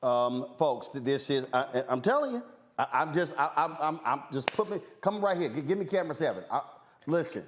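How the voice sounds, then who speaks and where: A man's voice: on the high side, sing-song, a little fast. A man hosting a talk show, giving fiery political commentary and hammering points home by repeating phrases. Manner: emphatic, repeats phrases for force.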